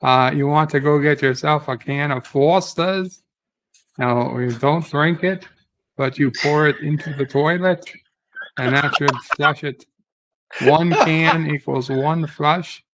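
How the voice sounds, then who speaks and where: A man's voice: on the high side, slow, a bit bright, slight background noise, poor audio. A man doing a cheeky Aussie waiter. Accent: put-on Australian.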